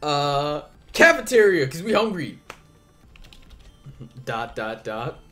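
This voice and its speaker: A man's voice: fairly high pitch, very animated, takes it slowly, fairly bright tone. A young man hosting a game playthrough, reading the characters' lines aloud in playful put-on voices and chatting casually with a bit of swearing. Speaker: let's play host.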